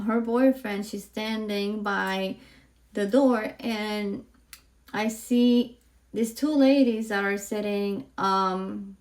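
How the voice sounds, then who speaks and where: A woman hosting a podcast, telling a personal story in a heartfelt, rambling way with many fillers, close to tears at times. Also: medium pitch. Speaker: podcast host.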